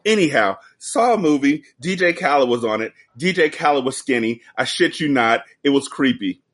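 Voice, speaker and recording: A man's voice: medium pitch, animated, moderate pace, a bit bright, husky. Joking man telling profane stories. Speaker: podcast guest. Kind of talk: casual chat. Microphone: video call.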